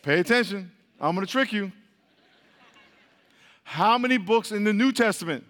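His voice sits high and a bit bright, animated at a normal speed, with slight background noise and long hall reverb. The man teaches the Bible call-and-response style, asking questions again and again, drilling the crowd and laughing a lot.

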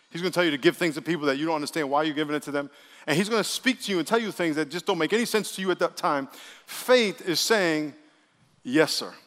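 A man preaching a lively sermon as pastor, acting out voices he quotes. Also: fairly high pitch. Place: church sanctuary. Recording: long reverb of a church hall.

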